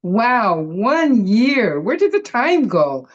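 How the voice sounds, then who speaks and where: A Canadian woman on a webinar panel gives an emotional, effusive thank-you speech to an online group over her phone. Her slow delivery swings widely in pitch and is full of fillers and restarts, and the phone audio is muffled and low-fidelity.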